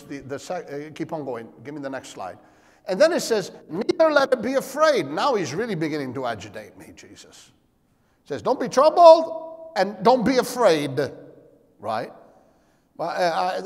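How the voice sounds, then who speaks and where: A man preaching a sermon as pastor, asking rhetorical questions and calling for amens. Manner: animated, shifting pitch and volume. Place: church sanctuary. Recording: long hall reverb.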